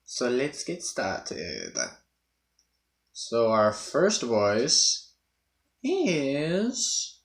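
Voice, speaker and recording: A man's voice: on the low side, huge pitch swings, extremely slow, vocal fry, pauses often. A man hosting casually, often laughing at his own voice mixes. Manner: laughing, self-amused. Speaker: host, voice impressionist. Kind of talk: casual chat. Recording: roomy echo.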